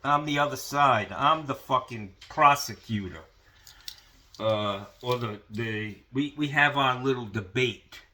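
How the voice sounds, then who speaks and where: A man's voice: medium pitch, a little slow, bright, forceful tone. A man ranting casually into the camera, profane and rambling, with lots of fillers. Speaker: vlogger.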